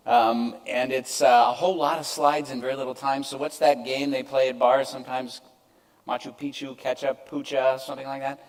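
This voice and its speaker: An older man talks an audience through his slides from an event stage. His delivery is conversational and mid-pitched, with wry jokes at his own expense. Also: flat delivery, moderate pace, poor audio. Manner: conversational, self-deprecating asides. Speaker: keynote speaker. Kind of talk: conference presentation.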